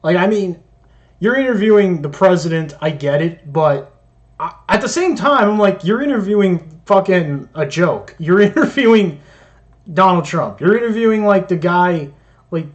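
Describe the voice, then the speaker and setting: A man's voice: high voice, expressive, normal speed, muffled recording. A man giving sarcastic, profanity-laden commentary while reacting to clips. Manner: mocking, sarcastic, heavy swearing.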